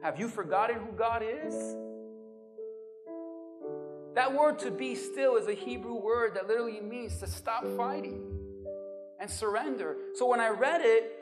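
A woman pastor with a slightly high voice preaches with passion, pressing her listeners with question after question. Her delivery swings from loud urgency to near-hushed intimacy. Music plays clearly beneath her. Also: a little slow. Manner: speaks straight to the listeners with rhetorical questions. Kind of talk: sermon.

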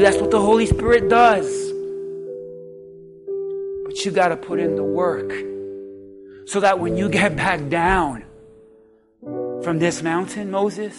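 A man's voice: sits high, slow pace, long pauses, music in the background. A man preaching a sermon in a church with impassioned delivery that swells and drops. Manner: impassioned, rising and falling preaching. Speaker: pastor. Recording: instrument playing behind the preaching.

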